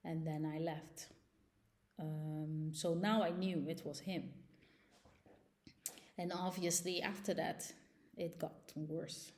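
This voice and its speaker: A woman's voice: deep voice, fairly even intonation, slow pace, pauses often, a little mellow. A young woman vlogger telling a personal story in a casual, agitated and emotional way.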